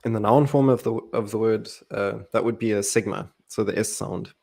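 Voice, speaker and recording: A man explaining Greek grammar in a relaxed Bible study chat, playful and laughing often. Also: lowish voice, fairly quick, vocal fry.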